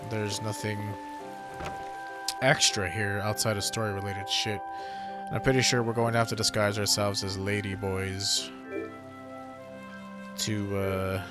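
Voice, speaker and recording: A man's voice: on the low side, little pitch movement, unhurried, long pauses. A man giving casual, rambling gameplay commentary, offhand and swearing freely, with game music behind him. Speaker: gamer streamer.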